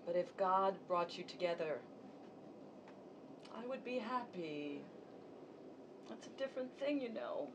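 An actress gives us a caring older sister who talks slowly and tenderly. Her voice comes from a distance on a live stage, with a steady noise under it. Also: medium pitch, close to an everyday voice. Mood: tender, advising. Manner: soothing, tender. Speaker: stage actor. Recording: distant stage mic, noisy.

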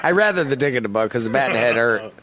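A man's voice: medium pitch, expressive, racing, a loud crowd. A man co-hosting a podcast, crude and teasing, laughing often through joking banter. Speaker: podcast co-host.

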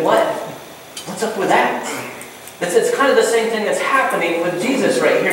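Goofy pastor preaching from far back in an echoey hall. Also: male voice, very high voice, a little hiss or hum. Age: middle-aged. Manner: goofy, conversational, acts out quoted voices. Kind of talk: sermon. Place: church hall.

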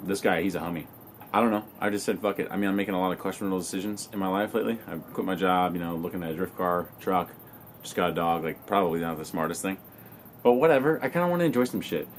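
A young man talking casually to his camera in a relaxed, slangy way, swearing now and then. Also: deep voice, quick pace, a little hiss or hum. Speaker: vlogger. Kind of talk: casual vlog talk to camera.

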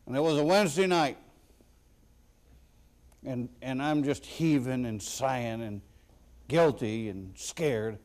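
A man preaching a sermon as a pastor, slow and deliberate with sudden loud emphatic bursts. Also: medium pitch.

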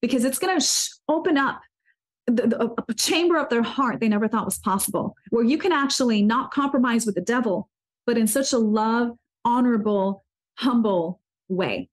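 A woman speaking with a fairly high voice as an interview guest. She preaches with earnest conviction and often stumbles and restarts her sentences. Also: normal speed. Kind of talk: casual interview talk about faith.

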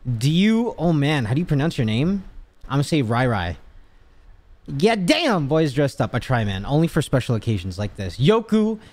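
A young man chats casually with his viewers on a livestream, swearing and ranting in animated exasperation. His voice is mid-range and his pace moderate.

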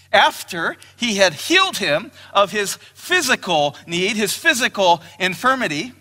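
A man's voice: high voice, bright, forceful tone. A man preaching a sermon as pastor, emphatic, raising his voice when he quotes scripture. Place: church hall. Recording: long hall reverb.

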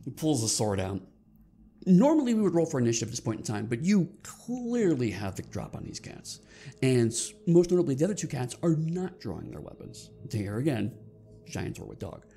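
A man's voice: mid-range voice, big pitch swings, brisk, dark tone, soft background music. A man running a tabletop game as game master, narrating scenes and calling for rolls in a rambling way with frequent restarts.

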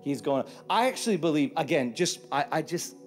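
A man's voice: a little high, brisk, faint music behind. A man preaching a sermon on a church stage, joking and acting out Bible scenes in put-on voices. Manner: animated, joking, acts out quotes in put-on voices. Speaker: pastor.

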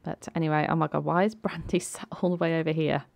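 A woman's voice: sits low, fairly even intonation, quick pace, creaky, darkish tone, no echo. A woman narrating and commenting on a life-sim game in a chatty way, laughing and using lots of fillers. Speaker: let's play creator. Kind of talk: game commentary with voiced characters.

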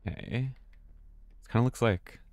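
A man's voice: medium pitch, normal speed, darkish tone, no echo. An American man giving live, chatty commentary while streaming a horror game, often restarting words and swearing casually. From United States.

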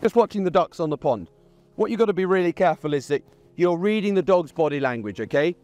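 A man's voice: sits high, animated, quick pace, a little mellow. A man giving a chatty, plain-spoken dog training lesson outdoors by a pond.

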